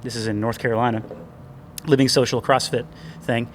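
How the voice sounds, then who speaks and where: A man spins a long, self-deprecating anecdote in relaxed chat, starting over and circling back as he goes. His pitch sits right in the middle for a man. Faint noise hums under the recording in an indoor gym. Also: a little fast. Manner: animated, self-deprecating, rambling with restarts. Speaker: podcast co-host. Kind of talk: casual storytelling chat.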